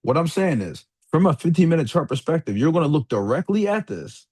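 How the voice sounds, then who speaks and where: A young man walks through a trading lesson in a loose, rambling way, dropping slang and curses as he goes. His voice is a little husky and swings widely in pitch, sometimes rising high and sometimes dropping low. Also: sing-song, brisk, darkish tone. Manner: laid-back slangy rambling, swears freely, calls listener dog and bro. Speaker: trading mentor. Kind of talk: casual screen-share trading lecture.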